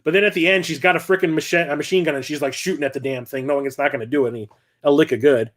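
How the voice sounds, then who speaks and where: A middle-aged man chatting casually at home, rambling excitably and swearing now and then. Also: on the high side, rapid-fire. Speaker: collector vlogger. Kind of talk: casual unscripted chat.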